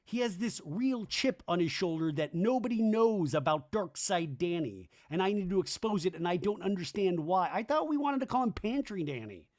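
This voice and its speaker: A man's voice: sits high, lively intonation, moderate pace, hardly any pauses, voice pushed up. A man voicing an earnest, puzzled man confiding in an interview aside.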